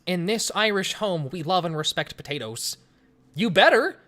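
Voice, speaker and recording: Streamer in their 20s from Colorado, casual chat Q&A at a home webcam; chatty, jokey, lots of restarts, very bouncy pitch. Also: lively intonation, normal speed, sharp tone. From Colorado, USA. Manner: rambling, joking, chatty with frequent restarts. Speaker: livestream host. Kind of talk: casual livestream Q&A reading chat aloud. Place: home room, in front of a webcam. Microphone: desk microphone on a stream setup.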